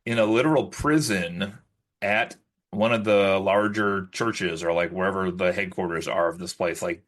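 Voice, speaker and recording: A man co-hosting a podcast in casual chat, rambling with lots of likes and restarts. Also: a bit bright. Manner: rises high when mimicking others. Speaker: podcast co-host.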